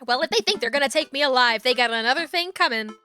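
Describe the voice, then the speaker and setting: A woman streamer with a high, bright voice reads a story game aloud, swearing freely and laughing often. Faint game music plays behind her. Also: lively intonation, fast.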